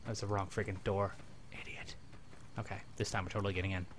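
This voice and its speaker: A man casually commenting on his video game as he plays, rambling and joking, talking to his companion and breaking into sudden excited yelps. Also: sits low, rapid-fire, a little hiss or hum. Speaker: gameplay commentator. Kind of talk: casual let's-play commentary.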